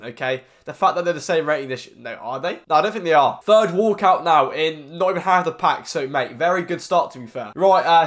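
An excitable British man with a heavy cold hosts a gaming video in a slightly higher voice. He calls his viewers lads and boys, yells at the good moments and grumbles low at the rest. Soft music plays faintly behind him. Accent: British English. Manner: excitable, bursting into shouts at big pulls then muttering low. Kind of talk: pack-opening game commentary.

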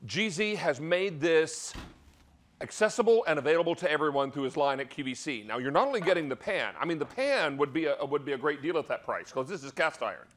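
A man's voice: a little high, animated, brisk, fairly bright tone. A man hosting a live TV shopping cooking demo, with upbeat, salesy patter. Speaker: shopping channel host.

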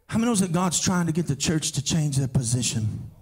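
A male pastor preaching a revival sermon in a church, rising into shouted, sing-song climaxes and firing questions at the congregation. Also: fairly high pitch, expressive, a little fast, hardly any pauses, breathy edge. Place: church sanctuary during a live service.

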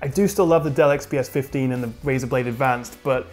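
A British man hosting a tech review, briskly explaining laptop specs in scripted narration. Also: medium pitch, darkish tone, soft background music. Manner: brisk, spec-heavy explaining.

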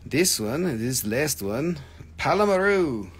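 An American man sells gems on a live online stream, showing the stones while he chats casually, jokes, rambles and swears. His voice is fairly high with big pitch swings, he takes things slowly, and there's a little hiss or hum in the audio.

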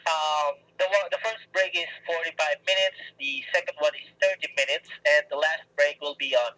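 A man's voice: a little high, steady tone, normal speed, pushed and bright. A man working as a customer service representative on a phone call, polite, agreeable and hesitant. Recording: tinny phone line.

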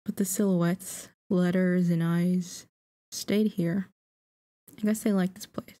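A woman streamer reading a story game aloud in slow, soft narration. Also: on the low side, steady tone.

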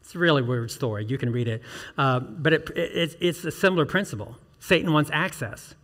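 A man's voice: a little high, a little fast, a bit bright. Man preaching in a reverberant church. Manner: earnest preaching with rhetorical questions and rising emphatic peaks. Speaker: pastor. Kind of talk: sermon. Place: church sanctuary.

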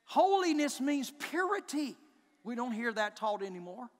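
A man preaching a sermon as pastor, building from low, intent statements to shouted declarations with repeated lines. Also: very animated, measured pace, long reverb tail. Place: church sanctuary.

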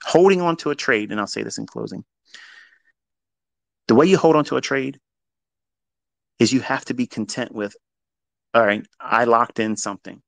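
A man's voice: medium pitch, expressive, normal speed, creaky, long pauses, no room sound. Blunt, profane man lecturing on trading. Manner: blunt, profane, emphatic, swings between loud and quiet. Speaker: trading educator. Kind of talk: live audio space talk.

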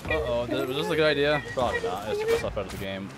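Man, casual gaming chat, excitable, sarcastic, laughs a lot, animated pitch. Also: rapid-fire, a loud crowd. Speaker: gamer and co-host.

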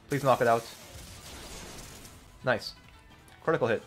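A young man giving excitable let's-play commentary, laughing often and breaking into loud outbursts as he plays. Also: medium pitch, fairly quick, long pauses, breathy edge, soft background music. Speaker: gaming video creator.

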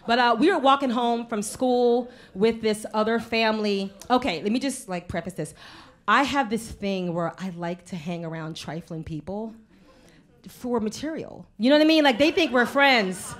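A woman in her thirties performs stand-up on a live stage, her voice sitting a little high. She talks mouthy and animated, breaking off her stories to throw asides at the crowd. She also hosts the show. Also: moderate pace. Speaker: stand-up comedian and show host. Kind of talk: stand-up comedy set. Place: live stage before an audience.

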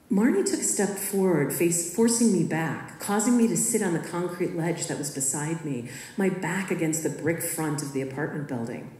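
Low-voiced woman reading her story aloud. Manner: measured, expressive storytelling. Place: school auditorium. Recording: echoey hall.

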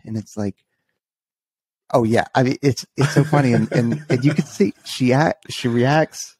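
A man's voice: medium pitch, fairly even intonation, unhurried, darkish tone, slightly rough, dry recording. A man co-hosting a podcast, telling an amused story in a rambling way, full of fillers. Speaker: podcast co-host. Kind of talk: casual podcast chat.

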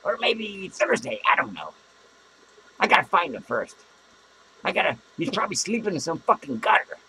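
A man's voice: high voice, sing-song, normal speed, a little hiss or hum, full character voice, rough recording. A man playing a crude, drunk clown who hosts a podcast from a small studio, rambling and swearing between cackling laughs. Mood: boozy rambling. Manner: rambling, profane, self-mocking, with loud cackling laughs. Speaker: podcast host. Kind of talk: comic in-character podcast rant.

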